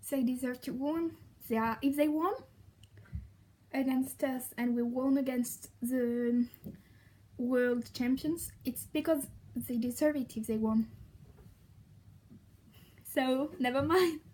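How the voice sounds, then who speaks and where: A young French woman with a French accent, gushing excitedly in a casual vlog and laughing often. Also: high voice, slow, pauses often. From France. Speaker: vlogger.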